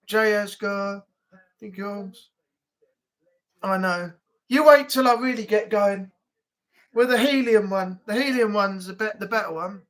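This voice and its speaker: A woman's voice: medium pitch, unhurried, pauses often. A woman from Manchester with a Mancunian accent, hosting a live stream in a chatty, joking way. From Manchester, England. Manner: chatty, joking, swears casually.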